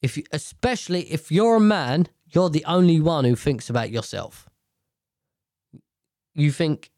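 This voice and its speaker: A man rants about politics in a slow, blunt, sweary way, rambling from point to point. His pitch jumps around a lot as he talks. The sound is dry and close, with no room echo. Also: animated, darkish tone. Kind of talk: profane political rant.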